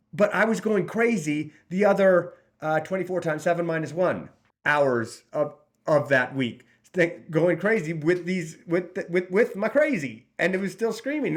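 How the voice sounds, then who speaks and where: A man in his forties talking straight to the camera in a slightly raised voice. He is blunt and swears freely, often stopping to restart a sentence as he speaks as a recovery coach. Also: high-pitched. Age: 40s. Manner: blunt and profane, with many restarts. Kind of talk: casual direct-to-camera talk.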